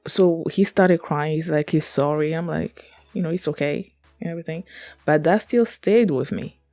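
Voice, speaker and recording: A woman's voice: sits low, moderate pace, warm tone, no room sound, soft background music. A woman hosting a reaction video, telling a personal story in an earnest, emotional, rambling way with many fillers. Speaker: reaction channel host.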